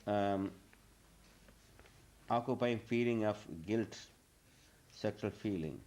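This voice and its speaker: A middle-aged spiritual teacher answering questions from a group, speaking slowly and haltingly. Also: male voice, fairly low pitch, fairly even intonation, a little mellow.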